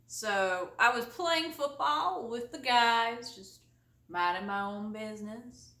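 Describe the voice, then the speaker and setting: A woman vlogger telling a comic story to camera, exaggerated and animated, laughing often. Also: on the high side, slow, roomy sound, far from the mic. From United States.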